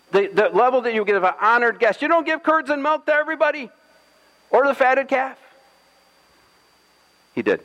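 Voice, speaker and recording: A man's voice: high-pitched, fairly bright tone, big-room sound, rough recording. A man pastor giving a sermon, telling a scripture story playfully with jokes and acted-out lines.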